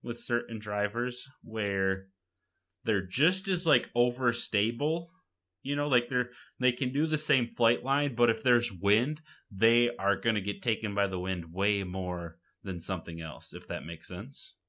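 A man's voice: fairly low pitch, unhurried, sharp tone. A young man co-hosting a casual podcast chat, rambling and correcting himself as he goes. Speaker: podcast co-host.

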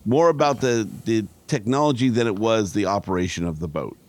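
Low-voiced man teasing on a podcast. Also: brisk. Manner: teasing, laughs at his own jokes. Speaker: podcast co-host, timekeeper. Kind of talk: casual banter.

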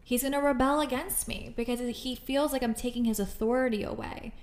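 A woman co-hosting a casual podcast chat, talking in an animated way and often filling with "like" and "you know.". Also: on the high side, fairly quick. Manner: animated, chatty, many fillers like "like" and "you know". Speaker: podcast co-host.

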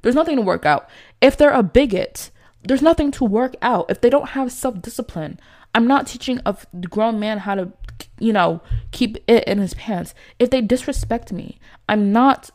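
A young woman talking casually to camera, reading from her notes and giving blunt dating advice with emphatic outbursts and lots of fillers. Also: moderate pace. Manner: emphatic, animated, swings from low asides to loud outbursts; chatty, many fillers and restarts.

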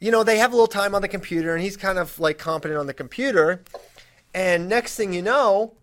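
A man's voice: high-pitched, fairly quick. A man hosting a podcast, chatting casually and telling stories with lots of restarts. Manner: lively storyteller, restarts a lot. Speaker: podcast host. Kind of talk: casual chat and storytelling.

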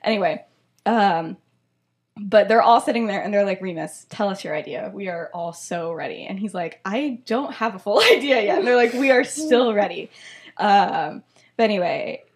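A young woman chats away on a podcast, retelling a story in a loose, rambling way. She fills her sentences with "like" and breaks into laughter often. Her voice sits at an everyday middle pitch. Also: darkish tone. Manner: chatty, laughing often, heavy use of "like". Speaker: podcast host. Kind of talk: casual chat, retelling a fan story.

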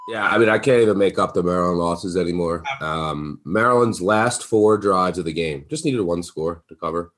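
A man hosting a sports betting podcast, chatting casually and getting excited in sudden bursts. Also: normal speed, few pauses. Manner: excitable, big leaps in pitch. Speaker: podcast host.

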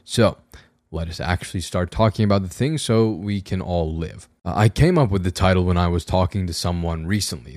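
A young man with a very low, slightly raspy voice hosts his own podcast alone. He rambles in a wry, self-deprecating way, restarting his sentences often. The sound is close and dry, with no room echo. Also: darkish tone. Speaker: podcast host. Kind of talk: casual solo podcast monologue. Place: room at home with a camera on a tripod.

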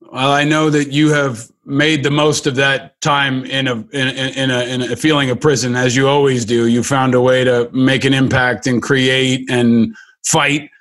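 A man's voice: medium pitch, flat delivery, fairly bright tone. A man hosting an interview, gushing with praise and often restarting his sentences. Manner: gushing, halting with many restarts. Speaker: podcast host.

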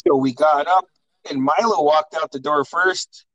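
A man's voice: fairly high pitch, unhurried, fairly bright tone, no echo, muffled recording. A young adult man hosting a podcast, telling family stories in a casual, profane way and often laughing. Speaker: podcast host.

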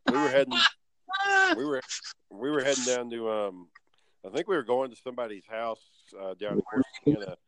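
A man's voice: medium pitch, fairly quick, a little hiss or hum, low-quality recording. A man chatting casually as a podcast co-host, telling stories in a rambling way full of fillers and restarts. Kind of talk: casual chat.

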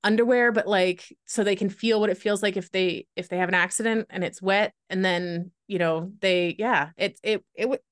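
A woman's voice: medium pitch, steady tone, normal speed, hardly any pauses, no room sound. Chatty woman guest, dry close sound. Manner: rambling, lots of filler "like". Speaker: podcast guest. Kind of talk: candid conversational storytelling.

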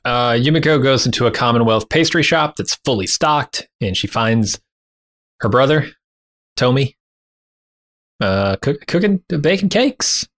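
A man's voice: medium pitch, measured pace, pauses often, fairly bright tone. A man co-hosting a podcast, casually summarizing plot points in a plain, blunt way. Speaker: podcast co-host. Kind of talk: casual TV recap chat.

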